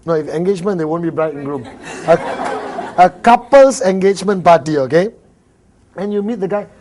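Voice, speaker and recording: A man's voice: high voice, a little fast, long pauses, darkish tone. A man with a Malaysian English accent giving a motivational seminar talk to a live audience, joking, acting out little dialogues and laughing often. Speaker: motivational speaker.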